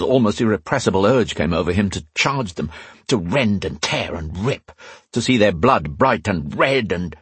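Deep raspy guy narrating a fantasy audiobook, dry close sound. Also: no echo.

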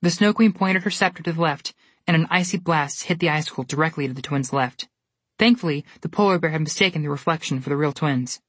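A woman telling a storybook tale in steady, expressive scripted narration. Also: sits low, fast, no echo.

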